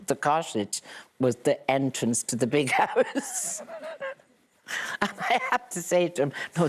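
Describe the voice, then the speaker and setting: A woman's voice: a bass voice, husky. An older Irish woman, a guest in a casual chat, telling stories with dry wit and laughter. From Ireland.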